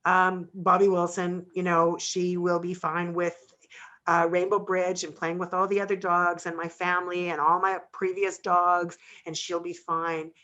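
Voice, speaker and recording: A woman's voice: lowish voice, level tone, measured pace, fairly bright tone, highs cut off. A woman hosting a radio interview, talking sincerely about her own dogs. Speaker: radio host.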